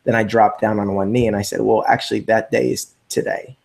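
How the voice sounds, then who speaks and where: As an interview guest, a man recounts a story in a loose, animated way, full of fillers and performed quotes. His voice is fairly low and creaky, and he talks briskly.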